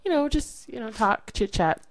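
A woman's voice: a little high, animated, normal speed, dry recording, low-quality recording. A woman from California co-hosting a podcast in casual chat, telling rambling, self-mocking stories with frequent restarts. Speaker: podcast co-host.

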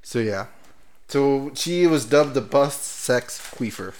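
A man hosting a loose, profane podcast and telling stories in a relaxed, crude way. His voice sits at an ordinary mid pitch for a man. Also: takes it slowly. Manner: profane, laughing, reads out news stories. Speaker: podcast host. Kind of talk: casual crude podcast chat.

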